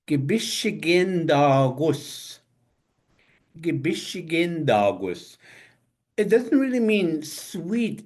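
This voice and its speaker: An older man teaching a language class over a video call, saying each word slowly several times and spelling it out letter by letter. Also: mid-range voice, sing-song. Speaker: language instructor. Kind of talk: online language lesson.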